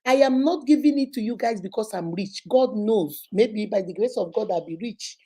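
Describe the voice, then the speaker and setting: A woman's voice: mid-range voice, animated, normal speed, dark tone, slightly rough. A Nigerian woman hosting a casual advice session, talking animatedly and laughing often as she acts out phone calls. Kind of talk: casual live advice chat.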